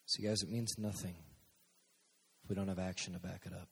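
Husky-voiced man preaching to a youth group. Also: low voice, level tone, fairly quick. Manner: conversational preaching, direct to listeners. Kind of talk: sermon. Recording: long hall reverb.

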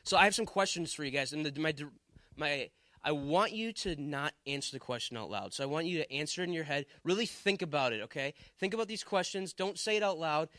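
A man's voice: a little high, expressive, brisk, pushed and bright, no room sound. A man from Wisconsin preaching to a live audience, telling a chatty comic story before turning earnest. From Wisconsin, USA.

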